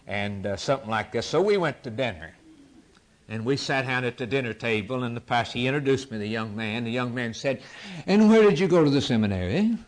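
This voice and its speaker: A man preaching a sermon in a rhythmic, repetitive cadence, swinging between near-shouts and hushed whispers. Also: mid-range voice, a little fast. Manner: impassioned, rising to near-shouts and dropping to whispers.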